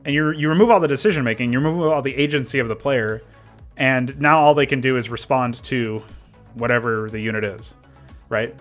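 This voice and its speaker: A man's voice: medium pitch, brisk. A man livestreaming while working on a game mod, talking casually about design and answering chat, with a rambling way of talking full of restarts. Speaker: modding streamer. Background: faint background music.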